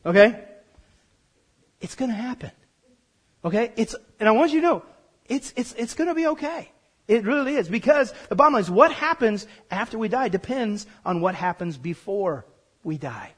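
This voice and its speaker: A man preaching a sermon, emphatic and repetitive, swinging from quiet explanation to loud declarations. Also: high-pitched, lively intonation, normal speed, breathy edge. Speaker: pastor.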